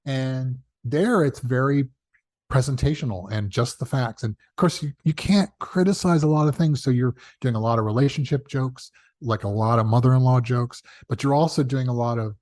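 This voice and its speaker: Animated man telling stories in a dry, close recording. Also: normal speed, no echo. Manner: animated, acts out quoted dialogue with big pitch jumps; chatty, self-correcting, laughs at own asides. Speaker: guest, television showrunner. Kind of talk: casual interview storytelling.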